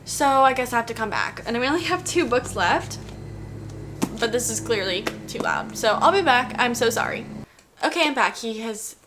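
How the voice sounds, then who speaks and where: Young woman, raised pitch, chatty, filler-heavy, casual book vlog talk. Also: fairly bright tone. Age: 20s. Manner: chatty, heavy use of "like", giggly. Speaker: book vlogger. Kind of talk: casual reading wrap-up chat.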